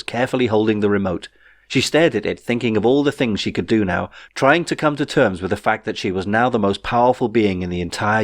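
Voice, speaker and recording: A man narrating his own novel in a wry, measured storytelling way. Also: on the low side, dry recording, clean studio sound. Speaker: author reading his novel. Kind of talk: audiobook narration.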